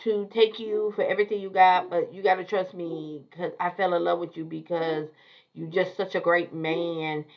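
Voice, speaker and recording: Woman doing scheming seductress, soft coaxing voice, dull lo-fi sound. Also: fairly low pitch, fairly even intonation, normal speed, pitched below the performer's own voice, natural voice. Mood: seductive.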